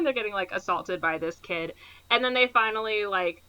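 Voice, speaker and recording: A woman's voice: mid-range voice, moderate pace, sharp tone, smooth, highs cut off. A woman co-hosting a podcast, casually recapping a movie plot and filling her sentences with "like". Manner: rambling, heavy use of "like" fillers. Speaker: podcast co-host.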